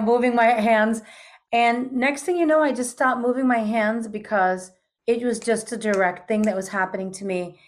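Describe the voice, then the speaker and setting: A woman in her fifties telling a long personal story to an interviewer. Her voice sits at a mid pitch. She talks in a chatty, animated way and uses casual fillers often. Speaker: guest. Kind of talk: storytelling in conversation.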